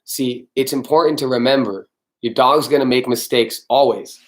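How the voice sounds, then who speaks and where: A man's voice: medium pitch, normal speed. Man, dog trainer, live stream Q&A, blunt, swears a lot, casual. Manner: blunt, swears freely, answers viewers by name.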